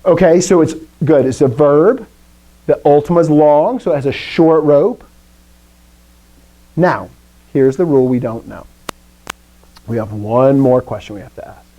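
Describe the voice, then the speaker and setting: A man's voice: on the high side, a little slow, long pauses, dark tone, highs cut off. A middle-aged man teaching a classroom language lesson, explaining rules step by step with jokey asides. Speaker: Greek teacher. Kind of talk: classroom lecture.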